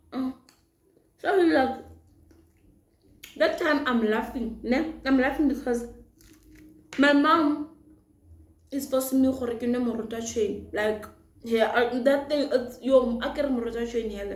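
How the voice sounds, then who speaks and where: A young woman tells a long personal story in a relaxed, chatty way, now and then slipping in Setswana phrases. Her voice sits a little on the high side. The room around her sounds echoey. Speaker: vlogger. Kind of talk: storytime vlog while eating.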